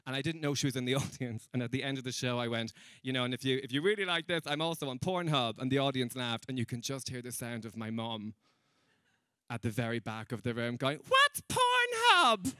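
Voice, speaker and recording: A man doing stand-up comedy before a live audience, chatting with the crowd in a self-mocking, quick way. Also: mid-range voice, fairly even intonation, fairly bright tone, clear, resonant tone, no room sound, studio quality. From Ireland.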